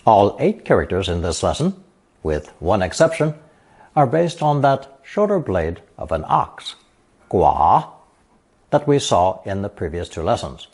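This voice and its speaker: Slow, husky man teaching Mandarin. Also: fairly low pitch, a little mellow. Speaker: language teacher. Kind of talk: scripted lesson narration.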